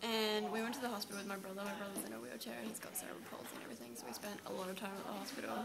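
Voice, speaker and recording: A young Australian woman telling a lively, swearing story in a casual chat among friends. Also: mid-range voice, rapid-fire, creaky, background noise.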